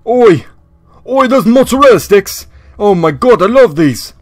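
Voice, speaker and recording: A man voicing a brash young male rocker with a put-on British accent and a raspy voice. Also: sits high, expressive, no room sound, studio quality, voice pushed up. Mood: greedy, gleeful. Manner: loud exclamations, drawn-out Oi.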